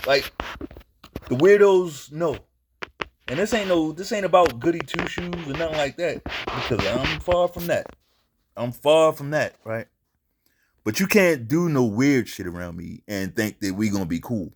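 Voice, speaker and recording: A man's voice: medium pitch, animated, measured pace, pauses often. Blunt, profane male commentary host. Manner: blunt, profane, emphatic, repeats himself. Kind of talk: casual commentary.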